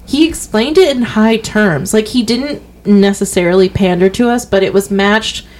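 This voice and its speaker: A young woman talks movies in a relaxed chat, slipping into quoted lines as she retells scenes. Her voice sits at a middling pitch. She speaks with lively energy. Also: moderate pace. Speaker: movie podcast co-host. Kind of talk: casual chat.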